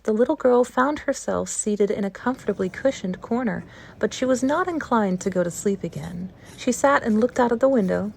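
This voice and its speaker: A woman's voice: medium pitch, vocal fry, slight background noise. Woman reading a classic storybook aloud. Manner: steady, even-paced reading. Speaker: storybook reader. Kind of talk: calm audiobook narration.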